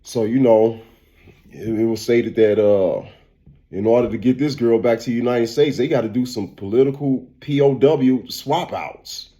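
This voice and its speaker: A man who is a barber and vlogger, giving a casual, animated opinion rant and repeating "man" and "bro.". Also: mid-range voice, moderate pace.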